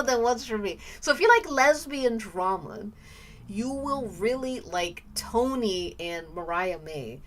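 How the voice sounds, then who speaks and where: A young woman talks casually to her live-stream audience, rambling through her thoughts with plenty of fillers. She speaks slowly, but her pitch is very animated. Excitement makes her squeal. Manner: rambling and chatty, lots of "like" and "um".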